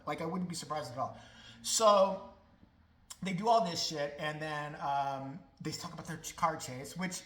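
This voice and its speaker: A woman's voice: fairly low pitch, sharp tone, reverberant, poor audio. A woman vlogger giving a profane, sarcastic ranting commentary full of mockery.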